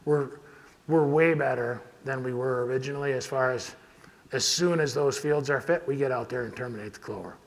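Farmer at a podium, loose and rambling, mid-pitched, hall echo. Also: male voice, brisk. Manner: casual, rambling, frequent restarts. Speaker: farmer giving a talk. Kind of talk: conference presentation with audience Q&A. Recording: hall reverb.

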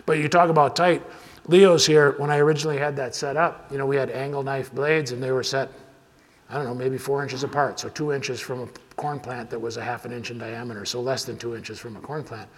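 Farmer at a podium, loose and rambling, mid-pitched, hall echo. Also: male voice, fairly even intonation, fairly quick. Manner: casual, rambling, frequent restarts. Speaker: farmer giving a talk. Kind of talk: conference presentation with audience Q&A. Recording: hall reverb.

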